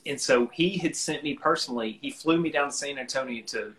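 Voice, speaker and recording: A man's voice: medium pitch, fairly quick, low-quality recording. Laid-back Alabama-accented man telling a story. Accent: Alabama Southern US. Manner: relaxed, rambling, with many fillers and restarts. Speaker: guest musician. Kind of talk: casual storytelling.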